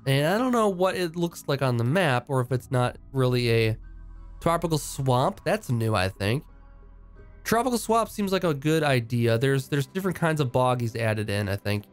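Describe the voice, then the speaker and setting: A man's voice: mid-range voice, animated, moderate pace, faint music behind. A man giving casual, upbeat commentary while playing a video game, thinking aloud with frequent fillers and restarts. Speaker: game streamer.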